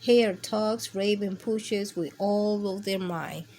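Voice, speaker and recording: A woman reading picture books aloud to children with a gentle, expressive storytime manner. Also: mid-range voice, slow, slight background noise. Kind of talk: read-aloud storytime for kids.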